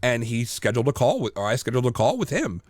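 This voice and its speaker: A man co-hosting a casual podcast chat, telling lively stories full of fillers and restarts. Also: medium pitch, fast talker, no room sound. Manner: animated storyteller, many fillers and restarts. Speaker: podcast co-host.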